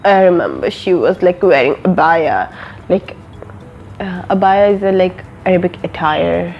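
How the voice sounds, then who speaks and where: A woman's voice: fairly low pitch, lively intonation, measured pace, dull audio, slight background noise. A young woman from an Arab country, a vlogger telling a personal story in a casual, rambling way full of fillers and restarts.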